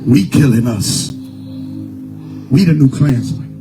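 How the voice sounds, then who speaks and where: A man preaching a fiery street sermon, swinging from low murmurs to shouted pleas. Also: animated, takes it slowly. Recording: music bed behind the voice.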